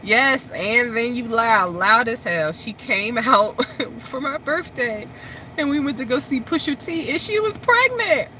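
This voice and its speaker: A woman chats casually as host, and her voice is bright and clear with a forward edge. Her pitch swings widely as she tells stories, laughs often and squeals when excited. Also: unhurried, a little hiss or hum. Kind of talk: casual chat.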